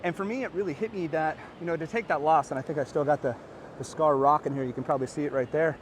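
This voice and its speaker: A man in his thirties delivers an animated, earnest motivational talk, his voice sitting a little higher than most men's. He speaks outdoors by the beach into a close phone or camera mic, and a faint rumble of traffic runs underneath. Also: quick pace. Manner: energetic, animated and earnest, rising to excited peaks. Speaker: podcast host and coach.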